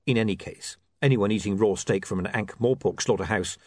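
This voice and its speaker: A man narrating an audiobook in a wry, measured storytelling manner. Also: fairly low pitch, no room sound, studio quality. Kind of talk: scripted narration.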